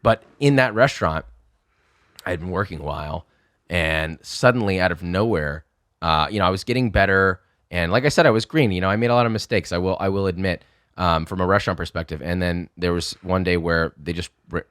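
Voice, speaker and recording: A young man telling a lively story in casual chat, swearing freely and acting out the people he quotes. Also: low voice, fairly quick, dry recording, clean studio sound. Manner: animated, swearing, acts out quotes. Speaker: podcast guest.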